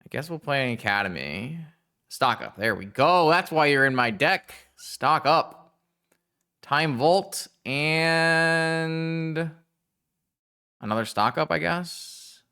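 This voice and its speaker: A man giving casual live-stream gameplay commentary, thinking aloud and talking to his chat in a chatty, excitable way. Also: medium pitch, normal speed, vocal fry.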